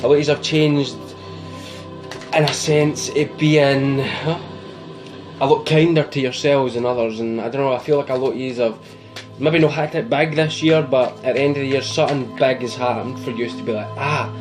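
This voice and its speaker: A man's voice: medium pitch, fairly even intonation, moderate pace. A man with a Scottish accent giving a casual, rambling tarot reading to camera, teasing his viewers and laughing at himself. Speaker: tarot reader. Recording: music playing behind.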